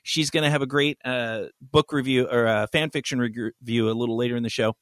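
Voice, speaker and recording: Male podcast co-host, bright ringing voice, rambling storyteller who jokes around and laughs a lot. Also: mid-range voice, fairly even intonation, a little fast, no echo. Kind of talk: casual chat.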